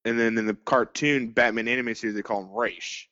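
A man co-hosting a podcast in casual chat, halting and repeating his words. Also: medium pitch, steady tone, bright, forceful tone. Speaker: podcast co-host. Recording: slightly muffled podcast mic.

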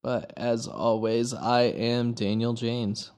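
A man's voice: medium pitch, little pitch movement, takes it slowly, darkish tone, a little hiss or hum. A man hosting a casual podcast, joking around and summarizing loosely. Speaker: podcast host.

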